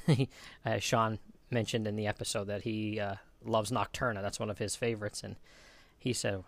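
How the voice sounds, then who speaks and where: A podcast host with a gravelly, fairly low voice works through the listener mailbag. He reads casually, chuckles often and fills pauses with ums and uhs. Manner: relaxed, chuckles often, frequent um and uh. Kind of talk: casual reading of listener mail.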